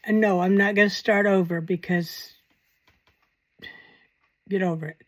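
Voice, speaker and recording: A woman's voice: mid-range voice, steady tone, measured pace. Woman, vlog host, casual commentary, rambling, wry, self-mocking. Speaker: paranormal channel host.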